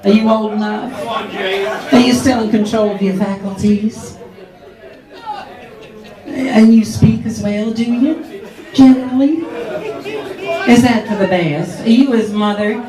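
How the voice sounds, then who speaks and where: A man's voice: sits high, a little slow, long pauses. A man doing a catty drag queen hostess. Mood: teasing. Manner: sarcastic, teasing, mock-haughty. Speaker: drag comedy performer. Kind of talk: live stand-up crowd work. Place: pub or club function room, live audience. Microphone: camera filming from the audience, far off. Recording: echoey room, far from camera, loud crowd. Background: audience laughter and chatter.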